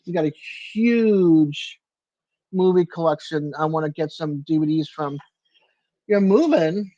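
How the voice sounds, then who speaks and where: A man's voice: on the high side, animated, unhurried, mellow, no room sound, lo-fi sound. An older man hosting a casual livestream from his apartment, answering viewers by name in a chatty way. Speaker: livestream host.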